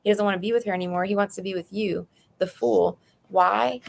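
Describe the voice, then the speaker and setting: A woman doing a live tarot reading at home, speaking into her phone. Her mid-range voice has a strong vocal fry running through it. She talks bluntly and casually, as if chatting with a close friend. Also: medium pitch, fairly even intonation, a little fast, a little hiss or hum. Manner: blunt, chatty, addresses viewer as "girl". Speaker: tarot reader. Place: apartment room at home.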